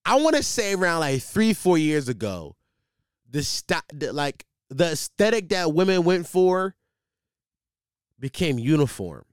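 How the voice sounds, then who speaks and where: A man's voice: a little high, very animated, measured pace, clear, resonant tone, dry recording, studio quality. A man hosting a podcast, riffing casually and comically, rambling with lots of fillers and restarts. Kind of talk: casual comedic monologue.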